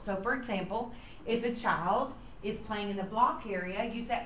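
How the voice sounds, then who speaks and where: A woman leading a lively, playful workshop for church preschool teachers. She acts out quotes and drops to a whisper to draw the room in. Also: mid-range voice, moderate pace. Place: large hall with an audience. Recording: echoey room with faint noise.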